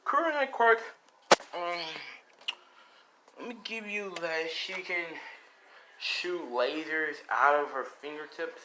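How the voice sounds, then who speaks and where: A man's voice: fairly high pitch, slow, pauses often, background noise. A man casually telling a fan story, rambling, with lots of fillers and swearing.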